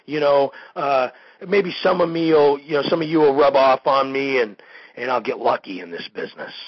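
A man's voice: mid-range voice, normal speed, no room sound, lo-fi sound, voice pushed up, natural voice. A man mimicking an eager male wrestling hanger-on who pleads for favors. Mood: wheedling.

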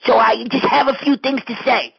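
A man's voice: very high voice, steady tone, normal speed, highs cut off, voice pushed up, full character voice. A man voicing a timid, whiny, put-upon guy who stammers nervously and complains at length. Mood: aggrieved. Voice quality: raspy, gravelly.

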